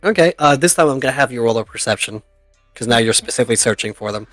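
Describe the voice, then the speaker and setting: A man's voice: medium pitch, expressive, quick pace, a bit bright, dry recording, faint music behind. Chatty male game master, dry close mic. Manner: chatty, laughs often at his own jokes. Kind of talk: narrating a tabletop game.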